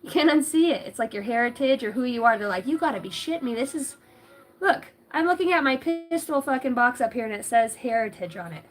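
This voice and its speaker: A woman's voice: on the high side, expressive, fairly quick, few pauses. A woman doing a casual livestream tarot reading, giggly and rambling, cussing freely. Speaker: tarot reader.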